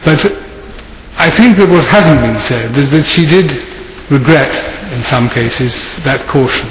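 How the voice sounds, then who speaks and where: A former minister speaks to an audience in a halting way, with many fillers. His voice echoes through a large hall with a long tail. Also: mid-range voice, lively intonation, a little hiss or hum. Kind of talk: speech to an audience.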